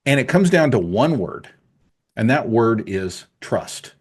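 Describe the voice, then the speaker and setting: A man's voice: mid-range voice, very animated, slow, slightly rough. A middle-aged man hosting a podcast, talking in a passionate, emphatic monologue with asides to his listeners. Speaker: podcast host, appraisal coach.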